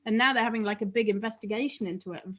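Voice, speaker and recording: A woman co-hosting a casual podcast, chatty and full of fillers and quick laughs. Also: fairly high pitch, a bit bright. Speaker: co-host.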